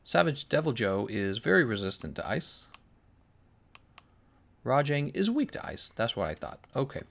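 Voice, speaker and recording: A man's voice: medium pitch, big pitch swings, moderate pace, gravelly, a bit bright. A man streaming a game live, chatting casually, joking, thinking aloud and answering his viewers' questions. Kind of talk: casual live-stream commentary while playing.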